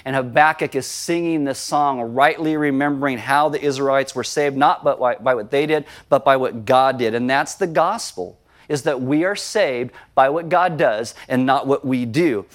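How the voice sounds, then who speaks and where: A man preaching a sermon as pastor, animated and conversational, reading scripture and acting out quotes. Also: medium pitch, moderate pace.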